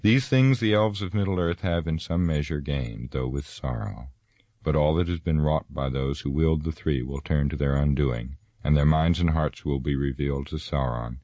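A man voicing a wise, ancient elf lord who speaks gravely and with sorrow. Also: extremely low pitch, dark tone, no room sound. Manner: grave, lofty, sad.

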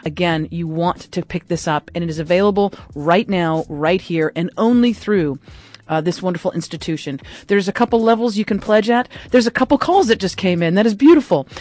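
A woman hosting a live radio fund drive, making an enthusiastic, chatty pledge pitch on a studio microphone. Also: a little fast, darkish tone. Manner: enthusiastic, chatty, laughs often.

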